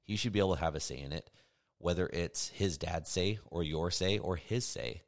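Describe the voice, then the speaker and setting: A man's voice: low-pitched, moderate pace. A man co-hosting a podcast, talking earnestly about co-parenting and often agreeing with "right". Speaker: podcast co-host. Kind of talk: casual conversation.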